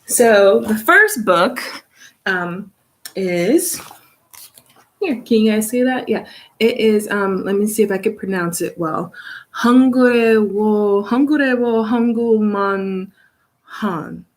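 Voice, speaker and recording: A woman's voice: mid-range voice, animated, takes it slowly, long pauses, fairly bright tone, slight background noise. A young woman chatting casually on a phone live stream from her studio, rambling with fillers and easy laughs. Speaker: vlogger, English teacher in South Korea. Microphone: phone camera.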